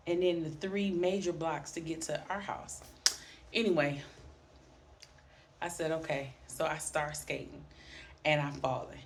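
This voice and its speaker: Middle-aged woman vlogger, lower voice; animated storyteller who acts out the voices. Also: slight background noise. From Highland Park, Michigan, near Detroit. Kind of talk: personal storytelling vlog.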